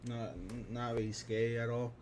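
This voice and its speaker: This man, a vlogger in his twenties, talks monotonously at a moderate pace in a mid-range voice, with background noise behind him. He's casually and offhandedly walking through his film collection, frequently restarting and filling gaps.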